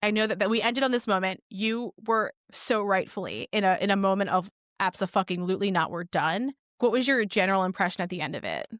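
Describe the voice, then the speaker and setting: A woman's voice: medium pitch, quick pace, few pauses, a bit bright, no room sound, studio quality. A woman co-hosting a casual podcast, telling stories with lots of swearing and acted-out quotes. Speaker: podcast co-host.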